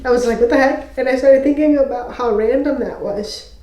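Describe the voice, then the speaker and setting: A young woman talks to camera in a personal faith testimony, emotional and halting, often pausing and restarting. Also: fairly high pitch, warm tone. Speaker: faith video host. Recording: echoey room.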